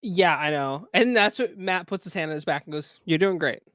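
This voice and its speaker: A co-host in a casual podcast chat who keeps chiming in with quick asides and quips. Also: mid-range voice, animated, fairly bright tone, no room sound, studio quality.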